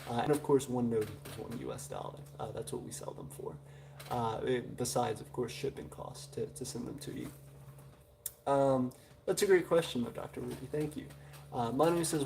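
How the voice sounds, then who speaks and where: Brief: male stream host with a Southern drawl, warm, relaxed tone, loose chatty delivery full of "uh"s. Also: mid-range voice, moderate pace, slight background noise. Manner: rambling, many "uh" fillers. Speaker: livestream host. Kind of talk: casual live chat reading viewer comments.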